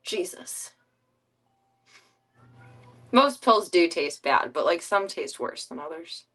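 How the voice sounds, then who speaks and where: Female streamer, casual, gentle coaxing tone; lowish voice, recorded off-mic. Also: animated, slow pace. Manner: soft, coaxing talk to her pet. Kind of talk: casual chat. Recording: distant mic.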